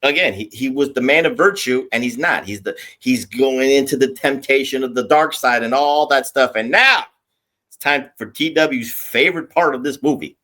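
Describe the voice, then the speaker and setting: A man hosting a casual podcast, emphatic and lively, putting questions to his co-host. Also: mid-range voice, normal speed. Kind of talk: casual chat.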